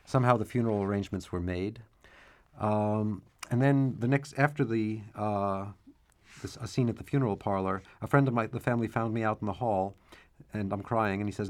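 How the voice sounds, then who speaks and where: A man talking as a guest author in an interview, reflective and measured, at times reading passages from his own book aloud. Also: on the low side, steady tone, a little mellow.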